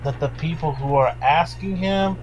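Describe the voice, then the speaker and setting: A man's voice: on the high side, normal speed, highs cut off. A man co-hosting a gaming chat, chiming in with short reactions and casual swearing. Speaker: let's play co-host. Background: faint game music.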